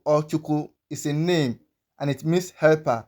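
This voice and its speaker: Male language teacher, slightly high voice, patient and repetitive drilling of sounds. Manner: slow and patient, repeating sounds many times. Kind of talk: pronunciation lesson.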